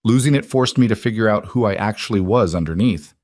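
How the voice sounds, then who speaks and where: A man's voice: on the low side, fast talker, no room sound, studio quality, natural voice. A man reading a blunt, hardened mafia man. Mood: calm. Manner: blunt, terse, steady.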